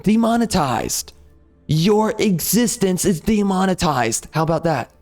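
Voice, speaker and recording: A man's voice: fairly high pitch, measured pace, a little mellow, soft background music. A man ranting heatedly over gameplay, swearing and repeating himself as he argues. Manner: heated, profane, repetitive ranting. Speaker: gaming channel host.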